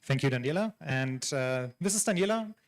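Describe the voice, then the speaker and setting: Smooth-voiced man introducing. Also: mid-range voice, expressive, normal speed. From Germany. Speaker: conference speaker. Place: large conference hall.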